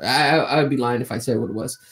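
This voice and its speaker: A man's voice: mid-range voice, quick pace, fairly bright tone, slight background noise. A man in his forties spinning a long story on a podcast. His talk is loose and rambling, full of swearing and false starts, and he often laughs at himself. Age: 40s. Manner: profane, rambling, laughs through stories. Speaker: podcast co-host. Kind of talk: casual storytelling chat.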